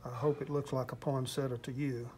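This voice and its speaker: An older Texan man talks in an easygoing, rambling way, often restarting his sentences and poking fun at himself. His voice sits at an ordinary pitch for a man. A faint hiss of noise runs under it. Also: little pitch movement, brisk, a little mellow. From Texas. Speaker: interviewed artist. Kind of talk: casual interview chat.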